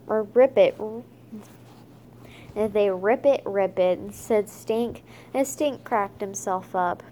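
A woman reading a children's chapter book aloud, halting often with fillers and restarts. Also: mid-range voice, warm tone, a little hiss or hum. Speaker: reader.

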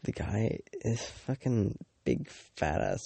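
Gravelly, drawling teenage boy ranting. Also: on the low side, huge pitch swings, takes it slowly, mellow, no echo. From Canada. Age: teens. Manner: rambling, filler-heavy, swears often, mocking asides. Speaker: vlogger. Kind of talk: casual rambling storytime.

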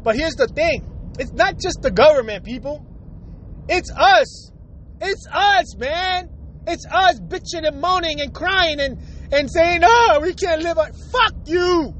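High-voiced guy ranting and cussing at his viewers, blunt and fired up, faint car noise around. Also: slow pace, fairly bright tone, poor audio. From United States. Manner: profane, heated, blunt. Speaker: vlogger. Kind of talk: angry rant to camera.

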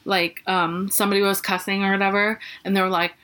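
A woman's voice: mid-range voice, little pitch movement, fairly quick, pushed and bright. Woman hosting a true crime podcast, chatty, swears a lot, rambles with likes and ums. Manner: chatty, swearing, many fillers and restarts. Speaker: podcast co-host. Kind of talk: casual true crime chat.

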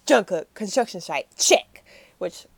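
A woman's voice: mid-range voice, lively intonation, measured pace, gravelly, breathy edge, dry recording. A woman casually recapping a story, acting out the characters' lines with lots of laughter. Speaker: podcast co-host recapping a series. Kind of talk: casual chat.

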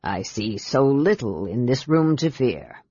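A reader voicing a sly, mocking male dark elf lord who speaks slowly with feigned innocence. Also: mid-range voice, big pitch swings, no echo, highs cut off, voice pushed down. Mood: sneering. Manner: slow, smooth, sneering.

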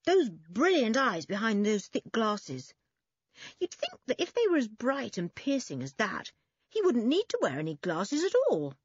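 A woman's voice: a little high, wildly swooping pitch, unhurried, slightly rough, no echo, lo-fi sound, voice pushed up, heavily acted. Woman doing a frank, outspoken boy.

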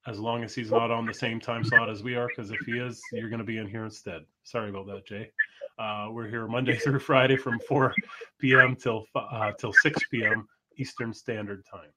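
A man's voice: medium pitch, level tone, moderate pace, noisy background. Joking man hosting a live show. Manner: joking, rambling, laughs often. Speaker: host. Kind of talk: casual live show chat.

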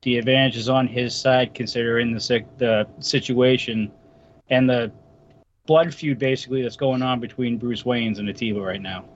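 A man's voice: medium pitch, fairly even intonation, moderate pace, a little hiss or hum. A man from Massachusetts on a podcast panel, making emphatic wrestling predictions in casual, slangy chat. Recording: dull lo-fi sound.

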